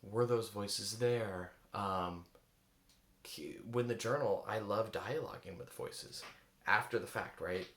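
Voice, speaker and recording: A man's voice: fairly low pitch, takes it slowly, fairly bright tone, roomy sound. A man giving a reflective coaching talk, searching for words and asking many rhetorical questions. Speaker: eating coach.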